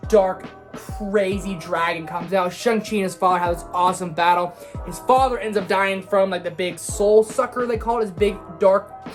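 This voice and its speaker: A woman giving an excited spoiler movie review in a gushing, casual way, with slang and swearing. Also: mid-range voice. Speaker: film reviewer.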